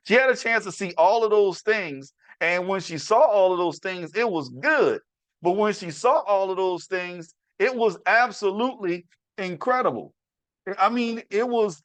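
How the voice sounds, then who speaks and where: This is a middle-aged man with a fairly high voice, recorded dry with no room sound. He tells a personal story to his listeners in a loose, chatty way, repeating himself and talking to them directly. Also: fairly bright tone, no echo. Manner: chatty, repetitive, addresses listeners as y'all. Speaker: podcast host. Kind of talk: casual storytelling monologue.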